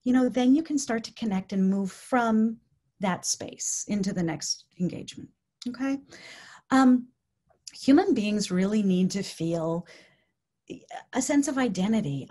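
A woman giving an educational talk on dementia care in a casual way, often checking in with "okay?" and acting out quoted speech. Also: medium pitch. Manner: acts out quoted speech in lively voices. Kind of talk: educational presentation.

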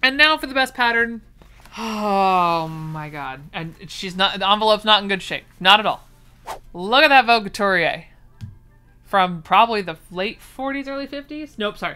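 A chatty woman, unboxing and gushing over her finds in a casual vlog. Her voice is bright and forward, smooth and clear, at a middling pitch. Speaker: vintage sewing pattern vlogger.

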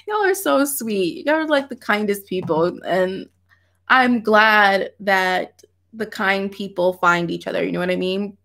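A woman's voice: medium pitch, expressive, unhurried, gravelly, a bit bright. A woman, chatting animatedly with viewers on a livestream from her home office and laughing often. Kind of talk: casual livestream chat.

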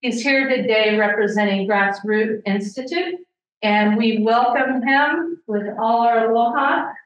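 Woman reading a speaker intro, highish voice, super echoey and far off. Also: measured pace, muffled recording. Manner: reads a prepared introduction. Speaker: association president. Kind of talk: formal introduction. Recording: very echoey and distant.

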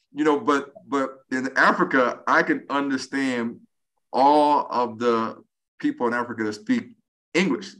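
Speaking at a moderate pace with a medium pitch, a forties-aged American man guests on a podcast in relaxed conversation. He's a lively storyteller who voices the quotes himself.

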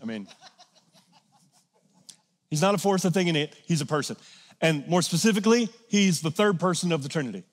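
Speaking a little fast with long pauses, a high-voiced male pastor gives a lively, chatty sermon that drops to quiet asides and then jumps to loud, emphatic peaks. The big sanctuary lends a long reverb.

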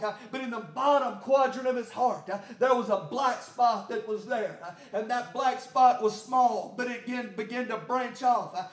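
A male pastor preaching a sermon, peppering his lines with "uh" and "amen" and building to shouted climaxes. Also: extremely high pitch, reverberant. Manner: frequent "uh" and "amen" fillers, rising to shouted climaxes.

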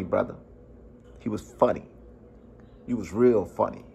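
A man's voice: lowish voice, vocal fry, a little mellow, husky. A man hosting a reaction video, talking loosely and animatedly with slang, often holding back laughs. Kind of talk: casual reaction commentary.

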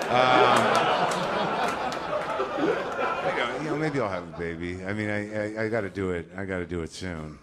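A man's voice: fairly low pitch, normal speed, long pauses, a loud crowd, very noisy. A man in his forties doing a stand-up comedy set on stage, ranting neurotically and acting out little scenes. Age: 40s. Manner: neurotic, ranting, acts out voices. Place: comedy club stage before a live audience.

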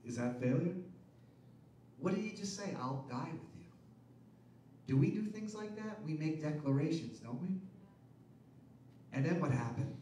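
A man preaching a sermon as pastor, asking the congregation rhetorical questions and building to loud, emphatic peaks. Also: fairly high pitch, expressive, normal speed, long pauses, echoey room, far from the mic, a little hiss or hum, poor audio.

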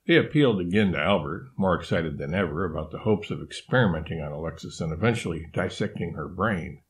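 A man narrating a children's storybook in a measured, formal style. His voice is very low and even. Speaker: audiobook narrator.

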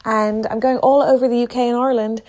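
A woman's voice: a little high, fairly even intonation, fast talker, darkish tone. Wry woman reading a tour promo. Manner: wry, self-deprecating. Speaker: comedian promoting her tour. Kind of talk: read promo.

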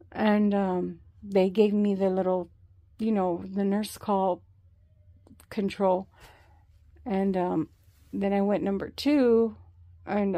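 A woman talks slowly into a camera close by, sharing a health update as a rambling story. Her voice has a gravelly edge, and she fills her pauses with plenty of "um"s and restarts. The recording is dry and close. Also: mid-range voice, warm tone, no room sound. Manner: slow, rambling, with many fillers and restarts.

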